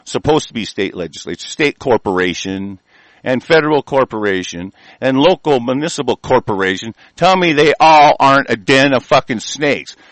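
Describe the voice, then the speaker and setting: A man from the United States delivering an angry, profane political rant, swinging from loud outbursts to low muttering. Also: no room sound, rough recording.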